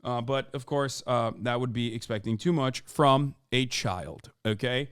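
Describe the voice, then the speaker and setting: A man's voice: mid-range voice, unhurried, a bit bright, clear, resonant tone, dry recording. A man streaming, reacting to a video with profane, sarcastic, heated commentary from home on a close desk mic.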